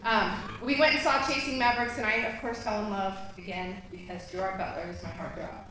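A woman's voice: medium pitch, fairly even intonation, brisk, heavy background noise. A woman from Florida telling a personal story on stage, chatty with fillers. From Florida, USA. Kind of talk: live storytelling. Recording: echoey hall.

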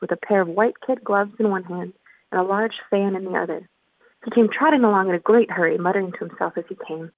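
A woman reading a children's storybook aloud in a gentle, clear voice. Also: mid-range voice, dry recording. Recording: tinny phone-like line.

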